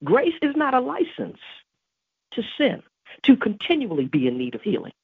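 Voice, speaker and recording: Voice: mid-range voice, wildly swooping pitch, normal speed, vocal fry, breathy edge, no room sound. A podcast host giving an emphatic devotional teaching on prayer, repeating key phrases. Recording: tinny phone-like dry recording.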